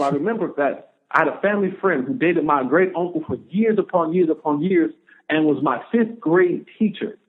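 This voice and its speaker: A man in his thirties, a guest on a podcast, telling a personal story in an animated way and acting out the voices of the people in it. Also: on the high side. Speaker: podcast guest, former pro football player. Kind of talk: storytelling in an interview. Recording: narrow phone-like sound.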